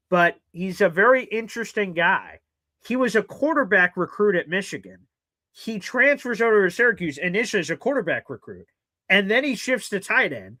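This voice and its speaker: Male sports podcast host, bright tense voice, dry close mic, animated chatter. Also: fairly high pitch, no room sound, rough recording. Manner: animated, swings into loud exclaiming. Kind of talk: casual sports talk. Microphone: streaming studio mic.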